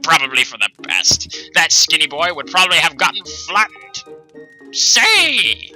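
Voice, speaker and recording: A grouchy, bustling middle-aged kitchen lady from a fantasy video game, chatty and exclaiming, as a man reads her lines in a raised voice. Her voice runs high and bright and swings all over. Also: sing-song, a little slow, soft background music, full character voice, poor audio.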